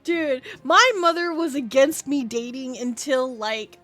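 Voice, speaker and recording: A woman's voice: high voice, animated, unhurried, hardly any pauses, sharp tone, faint music behind. A woman streamer from Canada chatting casually through a game, giggling often and swearing freely. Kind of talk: casual gaming stream chat.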